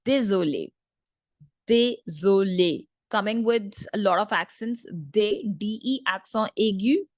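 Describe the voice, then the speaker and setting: A woman teaching a French lesson in English, patiently repeating each word slowly for learners. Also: medium pitch, no echo, clean studio sound. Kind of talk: online language lesson.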